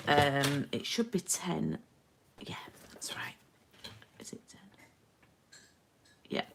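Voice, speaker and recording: A woman's voice: mid-range voice, creaky, noisy background. A woman giving a chatty live-streamed card-making lesson and greeting viewers by name. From England.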